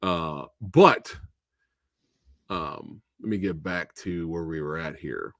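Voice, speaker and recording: A man hosting a live movie review, talking in a casual, animated way and slipping into exaggerated quoted voices. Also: sits low, slow pace, no echo, clean studio sound. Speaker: host of a movie review show.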